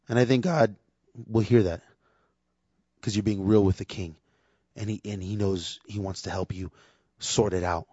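A man's voice: on the low side, a little fast, pauses often, dry recording. A man preaching a sermon in a candid, conversational way, acting out little quotes as he goes. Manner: conversational, candid, acts out quotes in lively voices. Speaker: preacher and worship leader. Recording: dull, dry lo-fi sound.

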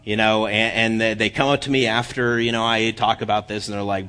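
A man giving a sermon as guest preacher, joking at his own expense with halting restarts. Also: lowish voice, little pitch movement, bright, forceful tone, clear, resonant tone. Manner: self-deprecating humor, halting restarts. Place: church.

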